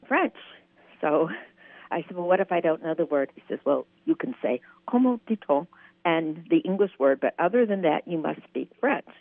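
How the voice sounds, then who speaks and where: A woman's voice: fairly low pitch, creaky, no echo. Woman telling a story on a tinny phone line. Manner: chatty, tells anecdotes with quoted voices. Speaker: caller.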